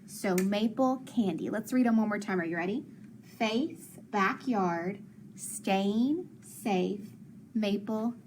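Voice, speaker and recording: A woman's voice: mid-range voice, slow pace, a little mellow, slight background noise. A woman teacher leading a phonics lesson for young children, patient and encouraging, asking questions and praising answers.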